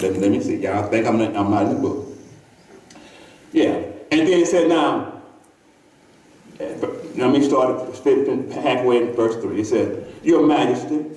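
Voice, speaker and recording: Animated preacher in an echoey church. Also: male voice, mid-range voice, recorded from a distance. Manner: conversational preaching, calls to the congregation, many repeats. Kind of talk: sermon. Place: church sanctuary.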